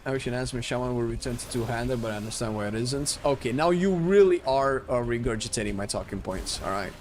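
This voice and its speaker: A man's voice: medium pitch, fast talker, a little hiss or hum. Chatty male streamer, jokes and thinks aloud over gameplay. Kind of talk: casual gameplay commentary.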